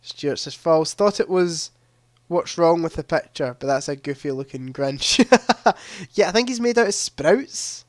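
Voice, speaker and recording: A man's voice: on the high side, animated, measured pace, no echo, studio quality. A young man hosting a live-streamed quiz, chatting casually into a headset mic and reading questions aloud with a ready laugh. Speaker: livestream quiz host.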